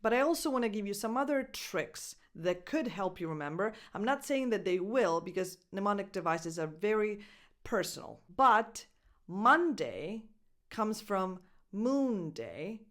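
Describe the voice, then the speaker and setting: Slow, careful woman English coach. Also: medium pitch. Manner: slow, exaggerated word-by-word modelling. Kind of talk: pronunciation lesson.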